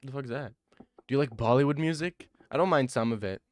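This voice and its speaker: A young man streaming live, talking loosely and answering chat as the messages come in. His voice is smooth and clean, with a middling pitch. The sound is close and dry, with no room around it. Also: a little fast, no room sound. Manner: laid-back, rambling, answers chat questions. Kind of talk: casual chat reading live chat.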